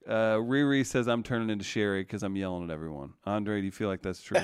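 A man's voice: lowish voice, fast, noisy background. A man hosting a casual live-stream chat, reading out viewer comments and joking with his co-hosts, laughing often.

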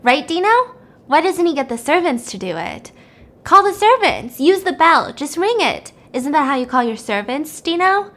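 A woman's voice: sits high, big pitch swings, normal speed, a bit bright, pitched above the performer's own voice. A woman voicing a scheming schoolgirl who loves to prank people, needling and sly.

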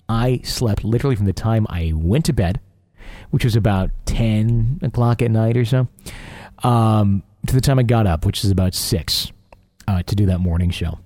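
A man's voice: lowish voice, mellow, dry recording, clean studio sound. A man hosting a paranormal call-in radio show, talking in a rambling, chatty, self-deprecating way.

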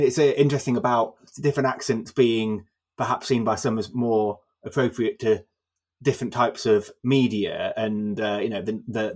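A man's voice: lowish voice, a little mellow, husky. Conversational male podcast host. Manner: conversational, with "uh" fillers between questions. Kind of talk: interview hosting.

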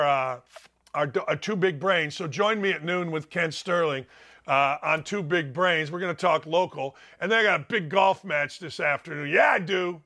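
An older man hosting a talk show in a high, bright voice. He rants bluntly and combatively, firing off opinions in a monologue. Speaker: sports talk show host.

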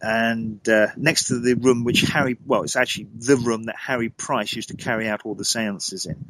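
Animated man spinning a story. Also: moderate pace, low-quality recording. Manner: lively, dramatic storyteller with sudden pitch jumps. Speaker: guest telling a ghost story.

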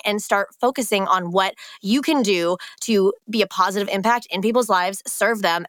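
A woman's voice: medium pitch, fairly bright tone, no echo, studio quality. A woman co-hosting a casual podcast, upbeat and full of eager praise. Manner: enthusiastic, effusive praise. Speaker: podcast co-host.

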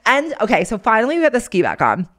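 Animated young woman telling stories. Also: a little high, fast talker. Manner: animated storyteller, laughs often. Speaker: podcast host. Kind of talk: casual chat.

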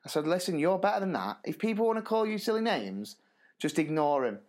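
Animated male teacher telling stories. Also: a little high, brisk. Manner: animated, laughs through stories. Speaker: podcast co-host, primary school teacher. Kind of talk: casual storytelling chat.

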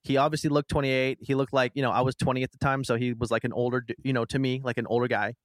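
A young man in his twenties tells a long story on a casual podcast. He rambles and restarts as he goes, animated and eager. His voice sits in a middle register and sounds dry and close to the mic. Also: mid-range voice, quick pace, no room sound. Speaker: podcast host.

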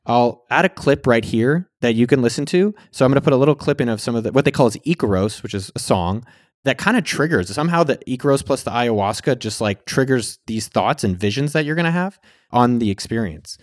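A man's voice: mid-range voice, animated, fairly quick, no room sound, clean studio sound. A man vlogging in a casual storytelling style. He speaks candidly, swears freely, and acts out his own past words.

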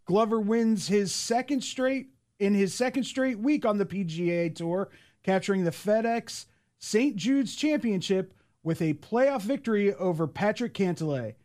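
High-voiced man hosting a sports segment. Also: lively intonation, a little slow, a little mellow. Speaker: producer and co-host.

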